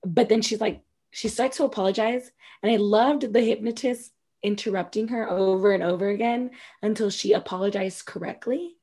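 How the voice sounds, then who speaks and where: A woman's voice: medium pitch, normal speed, mellow. A woman co-hosting a casual podcast, animatedly recapping a reality show, acting out quotes and swearing freely. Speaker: podcast co-host.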